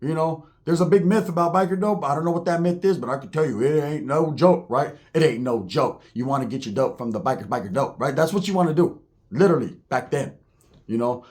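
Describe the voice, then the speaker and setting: A man telling a story in a profane, animated way, full of street slang. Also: fairly high pitch, fairly quick.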